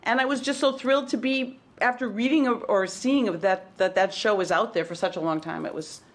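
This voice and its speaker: A woman in her sixties from Wisconsin with a light Midwestern accent, talking as a guest in a casual interview, reflective and pausing with fillers. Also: medium pitch. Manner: reflective, frequent fillers and restarts.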